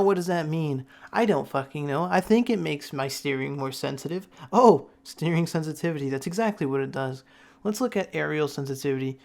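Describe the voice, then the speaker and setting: A man's voice: on the high side, creaky, a little mellow. Male tutorial narrator, mock-stern classroom-teacher delivery, crude jokes. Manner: mock-serious teacher bit, swears often. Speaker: gaming tutorial creator. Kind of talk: jokey gameplay tutorial voice-over.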